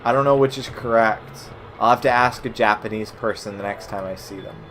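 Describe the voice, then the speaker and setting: A young man streaming old web games, chatting casually with viewers, cursing a lot and breaking into sudden loud outbursts. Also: on the low side, brisk, slight background noise. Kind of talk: casual gameplay commentary.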